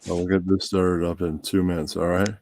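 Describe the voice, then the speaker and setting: A man with a very deep voice hosting a casual pre-stream chat, rambling and relaxed while he sets up. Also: brisk, a little hiss or hum. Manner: relaxed, rambling, talks to himself while setting up. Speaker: podcast host.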